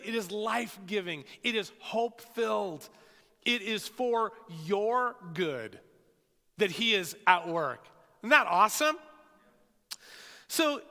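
A man preaching a sermon as pastor, animated, with emphatic pauses and rhetorical questions. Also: high voice. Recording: long hall reverb.

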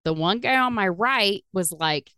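A woman's voice: mid-range voice, lively intonation, a little slow, sharp tone, clean tone, no room sound, studio quality. A middle-aged woman, hosting a podcast and telling stories in casual, profane chat, laughing as she talks. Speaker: podcast host.

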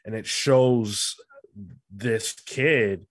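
A man's voice: lowish voice, very slow. A man co-hosting a comic book podcast in casual chat, musing thoughtfully with lots of fillers. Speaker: podcast co-host.

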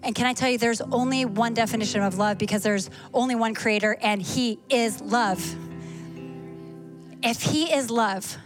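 A woman preaching a sermon at a church service, animated and fast, reading Scripture and asking the congregation questions. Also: on the high side. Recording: sermon with clear music behind.

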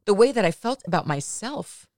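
A woman's voice: medium pitch, lively intonation, moderate pace, a little mellow, no room sound, clean studio sound. A woman podcast host telling a personal story in a candid, chatty way, often adding "you know" asides.

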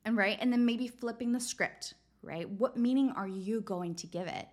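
A woman's voice: on the high side, moderate pace. A woman hosting a casual self-help podcast, talking in an encouraging way and often checking in with "right?". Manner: encouraging, peppered with "right?" tag questions. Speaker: podcast host.

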